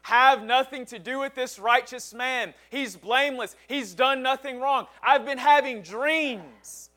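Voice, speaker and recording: A man's voice: extremely high pitch, measured pace, bright, forceful tone, pitched above the performer's own voice, exaggerated voice. A man voicing the urgent, pleading wife of a Roman governor as he retells a scene in a sermon.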